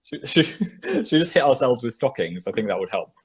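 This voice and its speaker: A man's voice: medium pitch, fairly quick, husky. A young man hosting a casual podcast chat, tasting sweets and laughing as he talks. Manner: animated, laughing, chews while talking. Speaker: podcast host.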